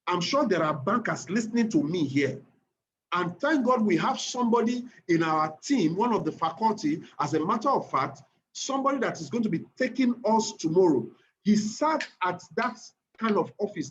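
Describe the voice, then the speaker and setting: A man with a Nigerian accent teaching an online trading class, repeating phrases and often checking whether his listeners are following. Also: sits high. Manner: animated, repeats phrases, keeps checking the audience. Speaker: trading instructor. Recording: muffled lo-fi recording with faint noise.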